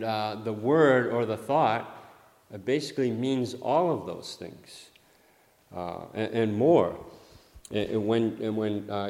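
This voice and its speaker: A man delivering a sermon, halting and repeating words, with a louder voice whenever he quotes scripture. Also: lowish voice. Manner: halting, repeats words often, swells in volume on quoted verses. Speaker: preacher. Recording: long hall reverb.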